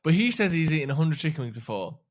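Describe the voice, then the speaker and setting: A man's voice: on the high side, big pitch swings, fast talker. A man co-hosting a live football watchalong in casual chat, rambling and joking as he hunts for words. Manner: rambling, jokey, searches for words. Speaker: watchalong co-host.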